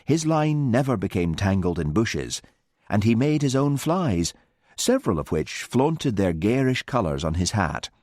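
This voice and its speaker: Narrating a mystery audiobook, a man with a fairly low pitch delivers the scripted story in a measured, expressive manner. There's no echo, and the audio is of studio quality.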